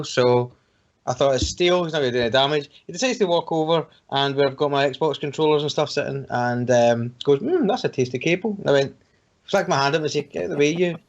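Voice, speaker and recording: A man's voice: medium pitch, steady tone, normal speed. A man co-hosting a casual podcast chat over an online call, rambling and joking and laughing often. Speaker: podcast co-host. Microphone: home computer microphone on an online call. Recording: muffled lo-fi call audio.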